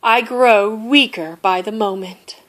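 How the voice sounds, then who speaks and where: A woman voicing a sick, grumpy, self-pitying male bear who complains in a dramatic, rasping way. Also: medium pitch, slow, fairly bright tone. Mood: gloomy.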